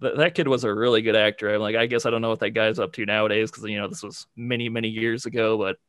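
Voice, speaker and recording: A man's voice: lowish voice, flat delivery, fast, a bit bright, smooth, no echo, studio quality. A man co-hosting a podcast, talking casually and rambling with lots of "like" and "you know". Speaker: podcast co-host. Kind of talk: casual chat.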